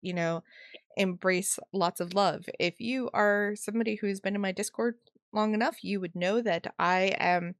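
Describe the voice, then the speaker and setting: A woman's voice: medium pitch, fairly even intonation, moderate pace, no echo, clean studio sound. A woman co-hosting a podcast in casual chat, playful and self-mocking, laughing often. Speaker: podcast co-host.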